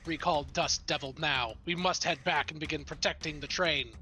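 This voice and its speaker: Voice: medium pitch, moderate pace, pushed and bright, voice pushed down, natural voice. Game master doing a clipped male robot. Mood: commanding. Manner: clipped, broken commands. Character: blunt male robot giving orders. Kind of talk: tabletop game character voice.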